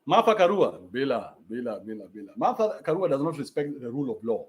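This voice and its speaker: A man's voice: medium pitch, sing-song, quick pace, hardly any pauses, darkish tone. A young adult man with a Kenyan accent, ranting bluntly in a profane, mocking livestream. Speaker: commentator. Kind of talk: livestream rant.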